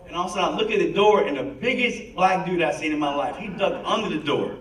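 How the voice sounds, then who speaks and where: A man's voice: high voice, fast talker, fairly bright tone, a little hiss or hum. A man in his fifties telling a personal recovery story to an audience, acting out the voices of the people in it. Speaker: guest speaker. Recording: echoey hall, mic from a distance.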